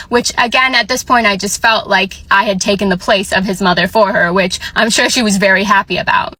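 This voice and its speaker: A bright-toned young woman in her twenties tells a personal story in a chatty, animated way. Her voice sits a little high and she sprinkles in plenty of "like" as she goes. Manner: chatty and animated, heavy use of "like". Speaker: vlogger. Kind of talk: casual storytelling.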